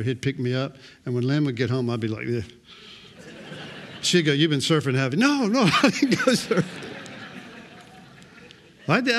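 A middle-aged male pastor preaching a sermon, telling personal stories with dry, self-mocking humor. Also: mid-range voice.

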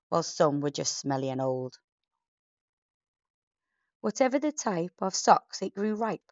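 A woman reading a rhyming bedtime story in a gentle, measured, rhythmic way. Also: sits low, dry recording, lo-fi sound.

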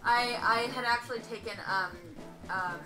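A woman's voice: on the high side, normal speed, music in the background, low-quality recording. A woman co-hosting a let's play, telling chatty, rambling anecdotes with fillers. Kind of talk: casual storytelling chat.

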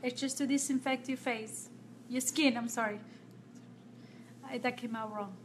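A woman from Nicaragua, chatting casually with viewers on a live stream as a makeup artist, talkative and quick to laugh. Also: on the high side, fairly even intonation, noisy background.

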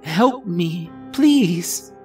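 Trapped nine-year-old boy, put on by a man, high, shaky and tearful, pleading, horror story read aloud. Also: lively intonation, slow pace, vocal fry, darkish tone, soft background music, heavily acted. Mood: terrified. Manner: trembling, crying, pleading.

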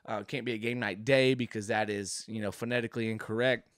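A man's voice: fairly low pitch, steady tone, brisk, fairly bright tone, no echo. Rambling jokey man, dry room. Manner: rambling, jokey, does voices. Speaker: podcast host. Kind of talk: casual comedic monologue. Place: home game room.

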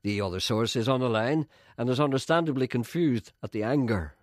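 A man's voice: mid-range voice, a little fast, no room sound, clean studio sound. A man hosting a radio phone-in, telling stories and teasing callers in a mock-indignant way. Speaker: radio show host. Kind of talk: radio phone-in banter and storytelling.

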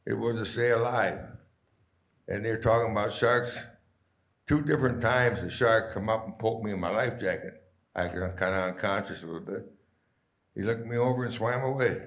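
A man's voice: fairly low pitch, moderate pace, fairly bright tone, roomy sound. A man in his nineties, a guest speaker, telling stories to a live audience in a rambling, chuckling, folksy way. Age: 90s.

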